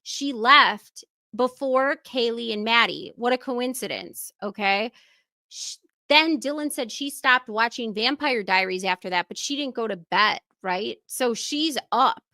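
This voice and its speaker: A woman co-hosting a true-crime stream, talking excitedly in casual chat and swearing in quick bursts. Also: a little high, no room sound. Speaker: stream co-host.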